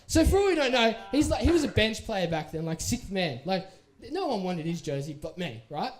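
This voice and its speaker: A young Australian man giving a casual talk to a youth group, telling a story in a lively, playful way and acting out the people in it. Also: high-pitched, fairly quick. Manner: animated, playful, acts out the people in his story. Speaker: youth speaker.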